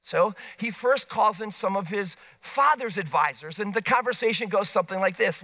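A man preaching a sermon, retelling scripture in animated storytelling with casual asides. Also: sits high, normal speed, hardly any pauses.

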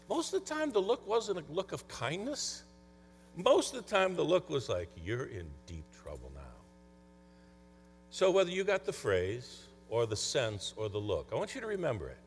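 A man speaking as a conference speaker and coach, telling stories in a conversational motivational talk. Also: mid-range voice. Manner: conversational storytelling. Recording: long hall reverb, faint mains hum.

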